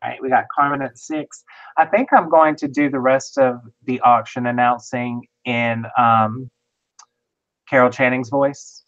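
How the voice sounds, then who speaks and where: Brisk livestream auction co-host. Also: mid-range voice, steady tone, a bit bright. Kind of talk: casual livestream chat. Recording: dull lo-fi livestream audio.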